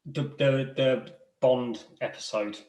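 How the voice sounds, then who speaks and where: A man's voice: medium pitch, fairly even intonation, takes it slowly, a little mellow, slight background noise. A man co-hosts a casual podcast, talking enthusiastically and often doubling his words as he starts. He sits a little back from the mic, and the room rings around him. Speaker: podcast co-host. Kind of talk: casual chat. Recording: roomy and distant from the mic.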